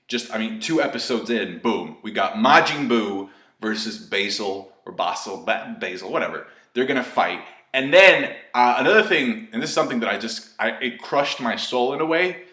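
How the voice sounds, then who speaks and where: A man giving a casual, excitable video review of an anime episode, rambling and swearing freely. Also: mid-range voice. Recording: echoey room.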